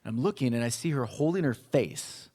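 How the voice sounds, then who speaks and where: A male pastor telling a personal story in a sermon, acting out voices from his childhood with lively animation. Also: mid-range voice, moderate pace. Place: church.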